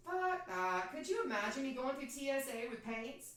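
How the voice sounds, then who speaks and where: A woman's voice: sits high, big pitch swings, normal speed, few pauses, very noisy. A woman chatting casually and swearing with her viewers while she paints in her home studio during a livestream. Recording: echoey room from far off.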